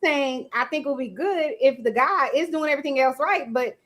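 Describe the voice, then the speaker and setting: A woman's voice: sits high, a little fast, fairly bright tone. A woman hosting a casual live-streamed talk show, arguing her point and greeting viewers by name. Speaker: host. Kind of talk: casual podcast debate.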